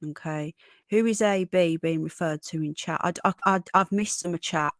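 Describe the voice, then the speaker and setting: A woman's voice: on the low side, moderate pace, dry recording, clean studio sound. A woman hosting a casual livestream, chatting with viewers and thanking them by name. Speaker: livestream host.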